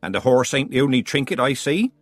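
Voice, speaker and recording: A man's voice: medium pitch, animated, a little fast, dry recording, close to an everyday voice. A man voicing a stern old witch woman in an audiobook, speaking in clipped, dry country phrases. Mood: terse.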